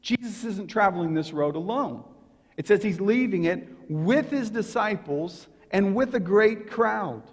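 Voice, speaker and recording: A male pastor delivers his sermon in a notably high voice that rings through a church with a long, lingering reverb. He tells the story with animated energy and voices the crowd's lines. At other moments he drops to a hushed, intense tone. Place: church sanctuary.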